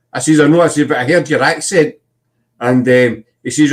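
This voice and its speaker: A man's voice: medium pitch, fairly even intonation, a little fast. Scottish man telling rambling stories. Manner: rambling anecdotal storytelling. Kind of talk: casual chat.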